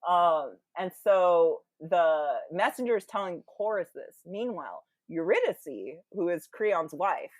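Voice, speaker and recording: A woman as a podcast guest, telling a story in casual, animated chat full of quoted voices. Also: on the low side, slow, few pauses, no room sound.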